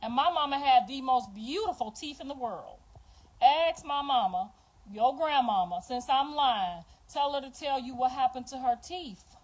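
A high-pitched middle-aged woman hosting a livestream, her talk raw and heavy with profanity. She rants confrontationally at her viewers and at absent family members. Her voice jumps from loud outbursts to low, bitter mutters. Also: animated, normal speed, low-quality recording. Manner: profane, confrontational, swings between loud and hushed. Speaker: livestream host. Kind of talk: emotional livestream rant.

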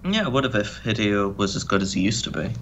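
A man rattles through a casual gaming commentary with sarcastic, sweary banter. His voice is bright and sits a little high, and it swings animatedly. A faint hiss sits behind it. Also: lively intonation, fast, muffled recording. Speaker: co-host.

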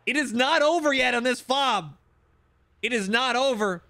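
A man commentating recorded shooter gameplay, excitable and quick to react, with wry asides. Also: very high-pitched, no room sound. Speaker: gaming channel host.

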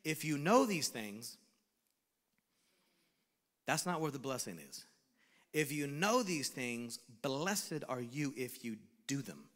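A man preaching a sermon as pastor, animated, swinging between shouted lines and hushed asides. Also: mid-range voice, takes it slowly, long pauses, big-room sound. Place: church sanctuary.

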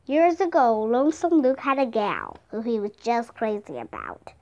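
A woman's voice: fairly high pitch, wildly swooping pitch, normal speed, darkish tone, highs cut off. A woman reading a friendly cowboy in a children's storybook with an easygoing, storytelling manner. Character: gruff friendly adult cowboy man.

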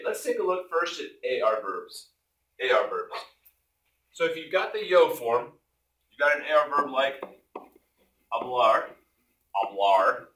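A bright, energetic man explains a lesson in a jokey way, now and then booming out an exclamation. His voice bounces around a reverberant room. The mic sits some distance away, so he sounds slightly far off. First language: English. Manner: energetic, jokey, punctuates points with loud exclamations. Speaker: Spanish teacher.

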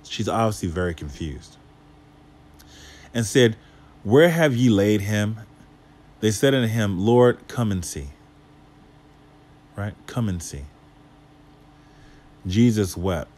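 A man with a fairly low voice reads old scripture verses aloud and then unpacks them for his listeners. He keeps asking rhetorical questions and drops casual asides as he explains. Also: expressive, slow pace, long pauses, a little mellow. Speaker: Bible teacher. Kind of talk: Bible study teaching.

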